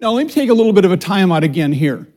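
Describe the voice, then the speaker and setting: A middle-aged man teaching a church Bible study as associate pastor, reading scripture slowly and preaching with calls to the congregation. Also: high voice. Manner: animated preaching with audience call-and-response; reads scripture slowly and deliberately. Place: church sanctuary before a congregation.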